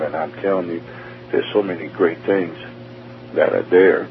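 A man's voice: sits low, steady tone, a little slow. A man earnestly telling his near-death testimony as a guest, often repeating and restarting his words. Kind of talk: emotional personal testimony. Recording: tinny phone line with faint hum.

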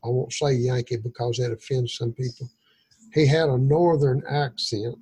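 A man's voice: medium pitch, steady tone, normal speed, dark tone, slightly rough, rough recording. A man leading an informal Bible study, teaching in a folksy, rambling way. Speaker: pastor.

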